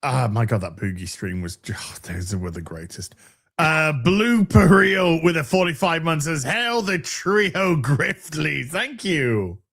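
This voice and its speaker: A man with a lively, bouncing voice reads out viewer donations on a casual talk show. He laughs often and swears freely, and his pitch sits a touch higher than most men's. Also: a little slow. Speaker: podcast co-host reading superchats. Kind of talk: casual chat.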